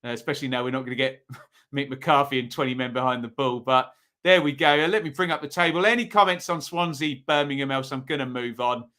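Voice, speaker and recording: A man hosts a relaxed football review stream. He chats with viewers and reads out their votes between frequent ums. His voice is bright and a little higher than average. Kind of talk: casual live-stream commentary.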